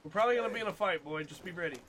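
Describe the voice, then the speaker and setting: A man's voice: high-pitched, rapid-fire, a bit bright, slight background noise. A man chatting and joking casually while playing a video game. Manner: chatty, joking, talks to horse. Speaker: gamer.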